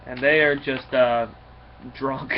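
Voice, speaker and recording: A man casually recapping a comic book issue in a rambling, halting way, with many fillers and restarts. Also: medium pitch, steady tone. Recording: slightly dull recording with faint noise.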